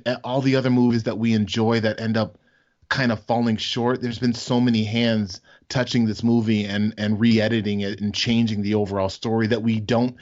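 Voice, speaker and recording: A man's voice: medium pitch, darkish tone, dull audio. A man on a casual podcast chat, talking hesitantly with stammered restarts. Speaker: podcast co-host.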